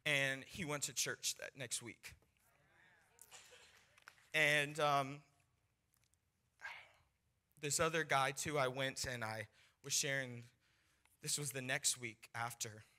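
A young man preaching, telling a personal testimony in an animated storytelling way and acting out the voices of people in his story. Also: medium pitch, takes it slowly, pauses often. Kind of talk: sermon testimony.

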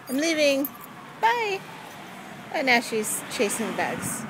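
A woman casually narrating as she pets a cat outdoors, playful and self-mocking, talking to the cat now and then. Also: fairly low pitch. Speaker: vlogger. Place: outdoors on a street. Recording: noisy outdoor street recording.

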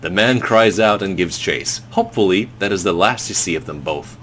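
Co-host, lively low man, reads game text aloud with a playful swing, faint hum. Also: moderate pace. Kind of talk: gameplay chat and reading aloud.

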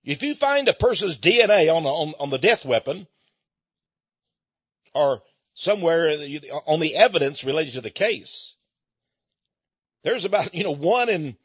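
A man's voice: high-pitched, husky, dry recording. An American man hosting a radio show, lecturing in an emphatic, folksy monologue and repeating his key points. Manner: folksy and conversational, with chuckles. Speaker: radio host. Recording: dull lo-fi dry recording.

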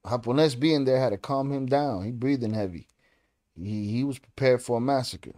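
Reaction host, man, mellow dark tone, blunt slangy asides. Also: medium pitch, normal speed. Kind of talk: reaction commentary.

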